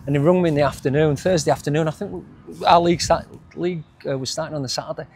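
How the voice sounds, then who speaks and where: A man's voice: a little high, fairly even intonation, fast, gravelly, a little mellow, a little hiss or hum. A middle-aged man with a Yorkshire accent, a former footballer reminiscing in a casual interview, rambling with frequent restarts and chuckles. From England.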